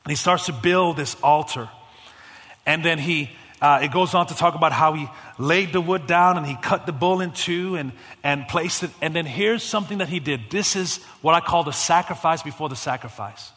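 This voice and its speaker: A man preaching as a guest pastor, casual with slang, swinging between loud fervent calls and hushed storytelling. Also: a little high, normal speed. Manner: casual, youthful slang and repetitions. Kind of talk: sermon. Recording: long hall reverb.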